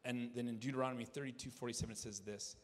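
A man's voice: medium pitch, steady tone, rapid-fire. Preaching man in an echoing church. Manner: earnest preaching with repeated restarts. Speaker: pastor. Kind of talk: sermon. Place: church sanctuary. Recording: long church hall reverb.

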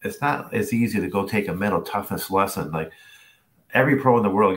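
A middle-aged tennis coach with a fairly low voice talks fast as he tells a story to a class over a video call. He's animated, acting out the voices of the people he quotes in this storytelling masterclass.

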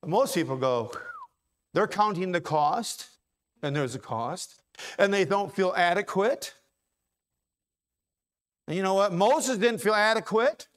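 High-voiced preacher swinging loud to quiet. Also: male voice, animated. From Ohio. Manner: swings from loud preaching to low, quick asides. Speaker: pastor. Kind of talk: sermon. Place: church sanctuary.

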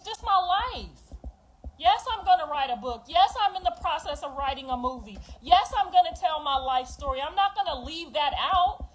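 Woman, 50s, high voice, confessional livestream rant, emphatic and blunt. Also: expressive, moderate pace, a little hiss or hum, poor audio. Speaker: mother telling her life story.

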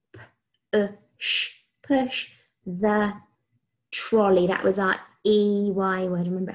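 A woman, a primary school teacher from England, giving a recorded phonics lesson to young children, dictating sentences slowly and clearly and praising often. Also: medium pitch. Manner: slow, clearly sounded dictation with encouraging praise.

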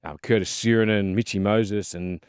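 A former rugby league player, this Australian man in his thirties co-hosts a podcast and tells lively league stories in a casual, filler-heavy chat, calling people "mate." His voice is fairly low, brisk and smooth. The recording has studio quality and no echo.

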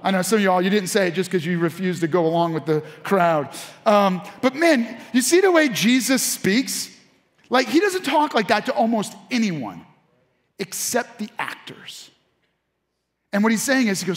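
A man pastor preaching an animated sermon to his congregation, calling out to the room. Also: high-pitched, moderate pace. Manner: animated preaching with audience call-outs. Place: church sanctuary. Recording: church hall with long reverb.

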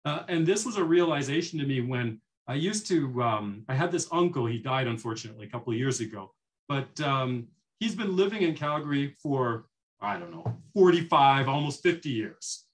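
A man speaking as a poet on a panel discussion over a video call, measured and articulate with quick asides. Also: medium pitch, expressive.

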